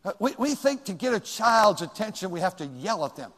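An older man preaching a folksy sermon, swinging between loud outbursts and quiet asides. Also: sits high, very animated, fairly quick, big-room sound. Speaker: pastor.

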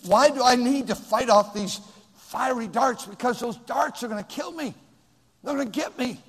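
Male pastor, high-pitched, sermon, shouts then hushes, long reverb. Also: moderate pace, husky. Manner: lively preaching, swings from shouting to hushed.

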